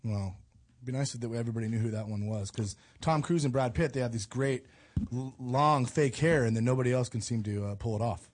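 A man with a mid-pitched, husky voice chats in a relaxed way as a podcast co-host. He reads out results and fills his talk with likes and ums. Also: fairly quick. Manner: easygoing, filler-heavy. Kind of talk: casual chat, reading out results.

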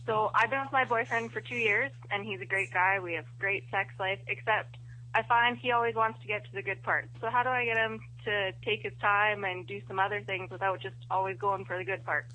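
A woman's voice: mid-range voice, steady tone, a little fast, bright, forceful tone. A woman from Canada with a Canadian accent, calling in to ask a question in a friendly, chatty way. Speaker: caller. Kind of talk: phone-in question. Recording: tinny phone line.

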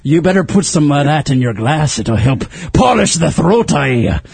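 A man hosting a comedy podcast as a boisterous pirate captain, in a put-on pirate brogue with loud, drawn-out exclamations. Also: on the high side, very animated, vocal fry, slightly rough, no echo, exaggerated voice. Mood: hearty. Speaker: podcast host. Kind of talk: comedic pirate role-play.

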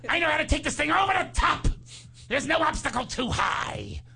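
This is a man doing a brash 1920s tough guy who talks in short, clipped boasts. The voice rides high and lively, full of old-movie swagger. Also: moderate pace, creaky, faint music behind, full character voice. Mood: cocky. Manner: cocky, clipped tough-guy talk ending with "see?".

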